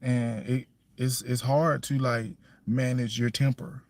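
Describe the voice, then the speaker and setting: A man's voice: medium pitch, flat delivery, slow pace. Plainspoken man on a casual livestream. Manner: loose, repeats himself, keeps asking "you know what I'm saying"; firm and plainspoken about household rules. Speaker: single father livestreaming.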